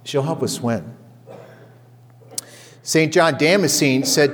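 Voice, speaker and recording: Male pastor, casual storytelling sermon, average pitch, long echo of a church hall. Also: slow pace, long pauses. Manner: storytelling, conversational, animated retellings. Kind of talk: sermon to a men's group.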